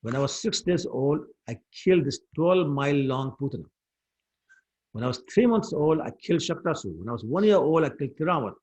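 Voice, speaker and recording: A man voicing a playful, boastful boy god who proudly lists his victories to his mother, in a husky voice. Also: a little high, expressive, fairly quick, darkish tone, poor audio.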